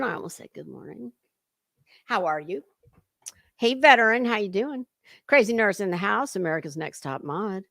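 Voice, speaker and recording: A woman's voice: medium pitch, expressive, moderate pace, creaky, pauses often, fairly bright tone, no room sound. A woman hosting a casual livestream commentary, talking in a sarcastic, mocking way and chatting to viewers. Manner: sarcastic and mocking, with lots of fillers.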